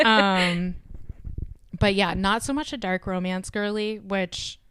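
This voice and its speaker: A woman's voice: mid-range voice, fairly even intonation, takes it slowly, fairly bright tone, smooth. A woman with a Southern US accent, a guest author chatting casually on a podcast with frequent ums.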